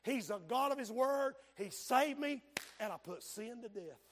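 An older man preaching an impassioned revival sermon and prayer, swinging from hushed tones to shouting, his voice breaking with emotion. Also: very high-pitched, expressive, unhurried, slight background noise.

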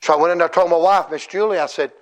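A middle-aged man preaching a fervent revival sermon in a church, his voice sitting on the high side. He shouts and cries out in surging bursts and mixes in folksy, self-mocking humor. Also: racing. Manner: shouting, crying out in rising bursts. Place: church conference service.

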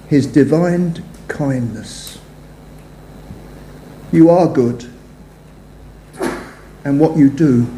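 An older man preaching a sermon to a congregation in a church hall, measured, his phrases trailing off softly. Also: fairly high pitch, a little hiss or hum. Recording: echoey hall sound.

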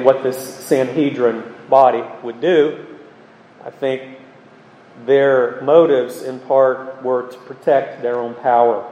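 A man preaching an expository sermon, earnest and emphatic, pausing with ums as he explains scripture. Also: mid-range voice, dark tone, a little hiss or hum. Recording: echoey hall with long reverb.

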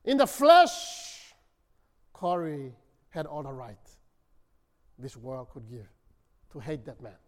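A man preaching a sermon, telling a story dramatically and swinging from loud to hushed. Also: medium pitch, huge pitch swings, slow, pauses often. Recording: long reverb of a hall.

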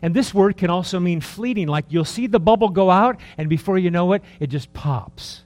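A man in his early sixties preaching a sermon in a conversational, rambling way, full of rhetorical questions, dropping to soft asides and rising for emphasis. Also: high voice, normal speed. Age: 60s. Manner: lively, swings between soft asides and raised emphasis. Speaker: pastor.

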